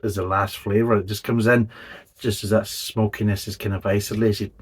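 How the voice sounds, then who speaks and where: A man's voice: fairly low pitch, little pitch movement, normal speed, slightly rough. A man, hosting a casual beer review and talking bluntly, swearing and rambling as he goes.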